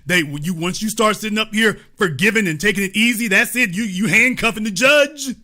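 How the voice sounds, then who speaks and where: A man's voice: high voice, sharp tone. A man hosting a commentary show, reading news aloud and breaking in with emphatic remarks, repeated points and pointed rhetorical questions.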